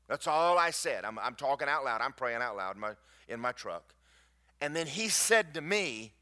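A man preaching a sermon to his congregation, with folksy asides to the crowd and rising to near shouts at his peaks. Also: on the high side, very animated, normal speed. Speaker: pastor. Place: church sanctuary.

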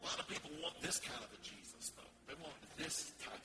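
A man's voice: on the high side, big pitch swings, brisk, hardly any pauses, echoey room, long reverb tail, loud music behind the voice. A male pastor preaching a sermon in a church, asking the congregation questions and answering them with emphasis. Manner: emphatic call-and-response preaching. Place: church sanctuary.

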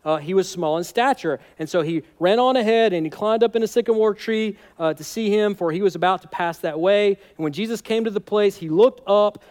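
Male pastor, high pitch, casual humorous sermon delivery. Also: brisk, hardly any pauses, darkish tone. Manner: conversational, humorous, emphatic.

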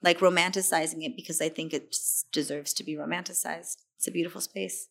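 A young woman, an actress, chatting as an interview guest in an animated way, saying "like" a lot and acting out voices. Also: fairly low pitch, a little fast, gravelly. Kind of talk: casual interview chat.

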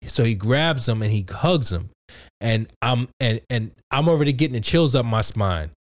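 A man chatting casually, telling a story loosely and excitedly with lots of swearing and restarts. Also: medium pitch, moderate pace, dry recording, studio quality. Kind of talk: casual chat.

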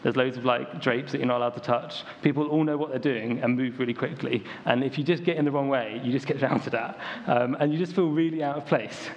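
This young British preacher talks fairly quickly at medium pitch, barely pausing as he tells stories to his church. His conversational sermon is sprinkled with "um" and "like," captured on a dull lo-fi recording with faint ambient noise.

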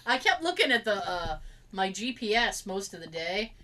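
Speaking at a normal speed in a mid-range voice, a woman casually shares work stories. She animatedly plays out her coworkers' lines as she goes.

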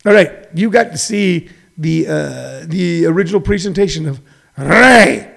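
Rambling, preachy man with a gravelly voice. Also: on the high side, expressive, measured pace. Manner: preachy, digressive, shifts between loud emphasis and muttering. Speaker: show host. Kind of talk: rambling comedic monologue.

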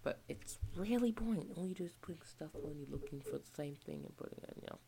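A young Australian woman rambles on about her retail job in a relaxed, chatty way, now and then slipping into the voices of customers and coworkers. Her voice sits low and has a gravelly fry. Steady hiss runs under the home recording. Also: fast. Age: young adult. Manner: rambling, chatty, acts out shop exchanges. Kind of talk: casual rant vlog.

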